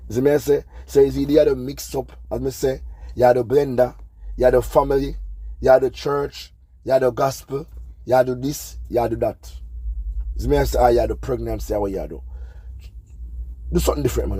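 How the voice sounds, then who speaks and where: A man's voice: medium pitch, dark tone, husky. A Jamaican man hosting a gossip channel, talking casually and scolding, often asking "you see me". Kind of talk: casual commentary monologue.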